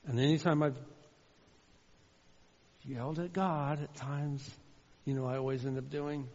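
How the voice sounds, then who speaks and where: A man preaching a sermon as a pastor, shifting from loud fervent calls to quiet personal storytelling. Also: a little high, fairly even intonation, measured pace. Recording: dull sound with long hall reverb.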